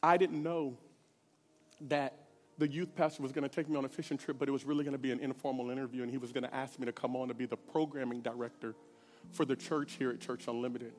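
A man from Texas sharing a personal faith testimony in sermon style, swinging between hushed lows and near-shouted peaks. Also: fairly even intonation, quick pace, long reverb tail. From Corpus Christi, Texas. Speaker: church speaker giving testimony.

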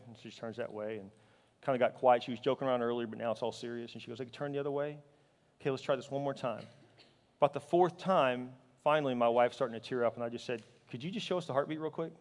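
A man preaching a sermon, telling a personal story with strong emotion, moving between loud, fervent passages and quiet, halting ones. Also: medium pitch, big-room sound. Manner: emotional storytelling, swinging from loud fervor to hushed, halting speech. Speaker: pastor.

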